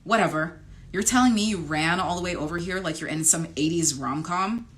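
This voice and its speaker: A woman's voice: lowish voice, brisk, close to an everyday voice. Woman reading as a snippy sarcastic college girl, eye-rolling tone. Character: sharp-tongued young college woman, annoyed. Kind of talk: romance novel read-aloud.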